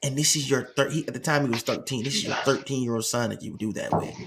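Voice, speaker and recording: The recording is noisy as a man with a mid-range voice talks fast through a family tale in casual chat. Animated and laughing frequently, he performs the voices of the people in the story.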